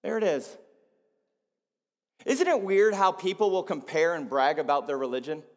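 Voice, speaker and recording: A man preaching a sermon as pastor, swinging between quiet, low passages and loud, emphatic ones. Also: normal speed, in a large hall.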